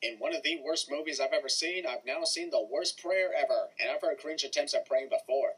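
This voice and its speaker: Fast, sarcastic male movie reviewer. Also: fairly high pitch, fairly bright tone, husky, low-quality recording. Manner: mocking, exasperated. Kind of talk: scripted sarcastic commentary.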